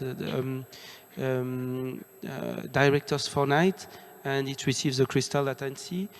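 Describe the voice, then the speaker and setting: A man speaks from a stage as a producer, listing things with frequent fillers. His delivery is flat and even, and a long hall reverb carries his voice. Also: medium pitch. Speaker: film producer. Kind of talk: stage presentation.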